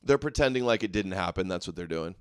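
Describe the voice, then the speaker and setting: A man's voice: sits low, expressive, fast, smooth, dry recording, studio quality. A man hosting a live political commentary show, talking in a combative, mocking way and arguing with viewers in the chat. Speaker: host.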